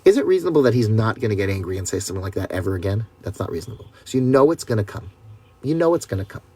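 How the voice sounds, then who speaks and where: A man's voice: on the low side, very animated, rapid-fire, warm tone, slightly rough, dry recording. A man, a rabbi, teaching a class over a video call in a conversational way, often asking listeners rhetorical questions. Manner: talks straight to listeners, with rhetorical questions and many "right?".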